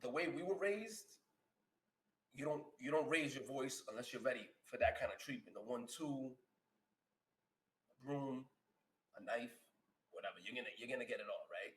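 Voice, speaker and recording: Bright-voiced man in an echoey room. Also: mid-range voice, expressive, normal speed, pauses often. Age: middle-aged. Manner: emphatic, repeats himself. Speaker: podcast co-host. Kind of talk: casual chat.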